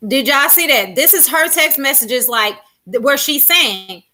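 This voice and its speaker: A woman's voice: sits high, expressive, a little slow, pushed and bright. A woman doing reaction commentary on a vlog, talking emphatically and firing off sassy rhetorical questions. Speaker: commentary vlogger.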